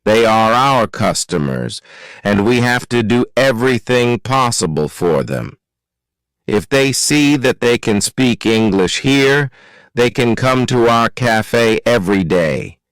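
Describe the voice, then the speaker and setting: Guy reading an easy english story super slow, smooth clear voice, dry close mic. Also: mid-range voice, animated, a bit bright, dry recording, poor audio. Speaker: narrator of a graded reader. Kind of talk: slow scripted narration for learners.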